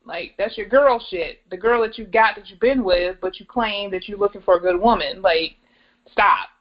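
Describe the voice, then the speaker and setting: A woman's voice: mid-range voice, moderate pace. A woman in her thirties, a podcast co-host, talking bluntly in casual chat, cursing and laughing often. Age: 30s. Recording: muffled lo-fi podcast recording.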